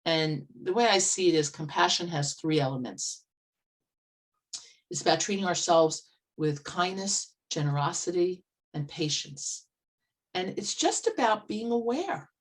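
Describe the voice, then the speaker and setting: A woman life coach speaks earnestly to an online meetup over a video call, with a notably low-pitched voice. She tells stories conversationally and with vivid detail. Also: lively intonation, unhurried. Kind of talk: storytelling talk at an online meetup. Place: old farmhouse, indoors.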